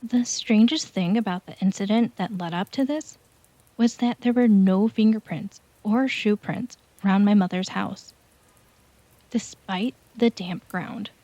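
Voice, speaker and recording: Slow, mellow woman reading a horror story. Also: medium pitch, no room sound. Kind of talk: storytelling narration. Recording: dull lo-fi home recording.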